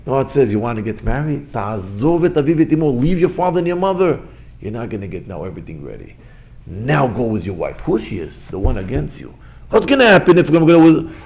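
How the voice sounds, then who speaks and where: Gravelly man preaching in broken English. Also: lowish voice, a little mellow. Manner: emphatic, repetitive, rhetorical questions, broken English. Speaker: religious teacher. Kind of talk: sermon.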